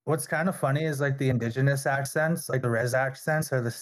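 A man from Canada chatting as a podcast co-host, animated and enthusiastic, with some swearing. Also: mid-range voice, brisk. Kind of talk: casual chat.

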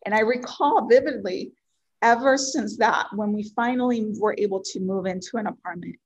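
Earnest woman, Spanish her first language. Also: mid-range voice. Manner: earnest, heartfelt, with frequent ums and pauses. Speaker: interview guest. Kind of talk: personal life story in conversation.

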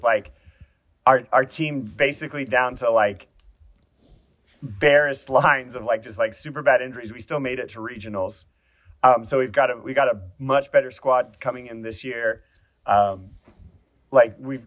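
A man's voice: medium pitch, fairly bright tone. A man from New Zealand, a guest on a podcast, chatting casually in a jokey, self-mocking way with lots of restarts.

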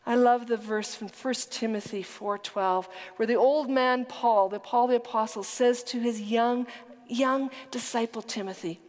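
A woman's voice: fairly high pitch, fairly even intonation, a little slow, darkish tone. Woman preaching in an echoing hall. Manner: earnest, emphatic storytelling, dropping to a whisper at times. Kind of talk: sermon. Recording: long hall reverb.

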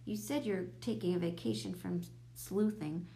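A woman's voice: mid-range voice, fairly even intonation, normal speed, creaky, dark tone. A woman reading a children's chapter book aloud, raising her voice for the children's lines. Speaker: storybook reader. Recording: echoey room with faint hum.

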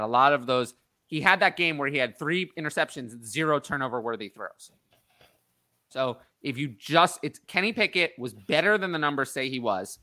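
A man hosting a casual sports talk show, opinionated and thinking out loud with frequent restarts. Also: medium pitch, expressive, moderate pace, no echo. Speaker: podcast host. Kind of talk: casual fantasy football chat.

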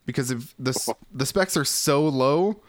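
A man's voice: mid-range voice, normal speed, no echo. A man in the host seat of a casual gaming chat, easygoing, laughing often. He is recorded close on a dry, dead mic, with no room sound at all. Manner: laid-back, leads topics, laughs often. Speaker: podcast host.

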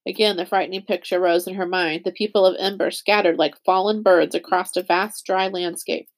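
A woman narrating a children's novel audiobook in a steady, measured storytelling voice. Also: lowish voice. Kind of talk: scripted narration.

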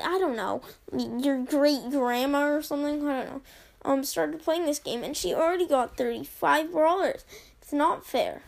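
Young woman host, high voice with fry, sarcastic review-reading podcaster. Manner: sarcastic, chatty, reads reviews aloud with dry asides.

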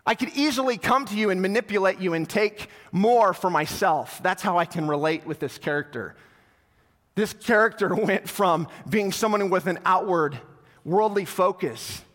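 A male pastor tells a story during a sermon and grows softer and lower as he invites the church to respond. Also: moderate pace. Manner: storytelling, falls soft and low when inviting. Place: church sanctuary. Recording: long hall reverb.

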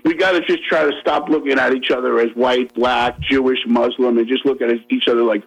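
A man's voice: medium pitch, breathy edge, poor audio. A man arguing his points on a radio talk show, emphatic and repetitive, over a faint music bed. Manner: emphatic, fast-talking, repeats himself. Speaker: guest.

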